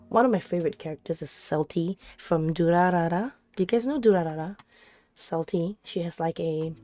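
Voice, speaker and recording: A woman's voice: lowish voice, mellow. A woman streamer chatting casually with her live chat, giggling often and answering questions as they come. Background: faint background music.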